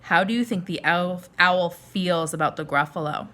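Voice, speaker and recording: A teacher reading a picture book aloud to young children and asking them questions. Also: female voice, fairly low pitch, normal speed, a bit bright. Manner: friendly questions to young listeners. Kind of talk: children's story read-aloud lesson.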